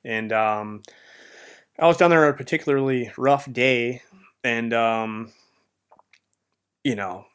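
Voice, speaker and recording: A podcast host, an adult with a marriage behind him, tells his personal faith testimony in a rambling, heartfelt way, peppered with "man" and "you know." His mid-range voice is fairly bright and clean, and he takes it slowly with frequent pauses.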